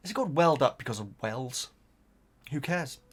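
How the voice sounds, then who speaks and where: A man's voice: mid-range voice, animated, a little fast, breathy edge. A man hosting a book reaction video, chatting casually to viewers in a rambling way with frequent stammered repeats and asides.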